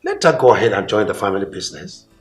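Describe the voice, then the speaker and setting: A man's voice: on the low side, very animated, quick pace, husky, faint music behind. An actor playing a middle-aged king who lectures his sons and directs his wife. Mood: commanding. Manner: commanding, dismissive. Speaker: king and father. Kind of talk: film acting.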